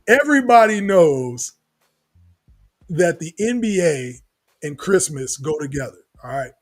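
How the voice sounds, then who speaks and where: A man hosting a sports podcast in a casual, animated, slangy manner, laughing often. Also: a little high, breathy edge. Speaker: podcast host.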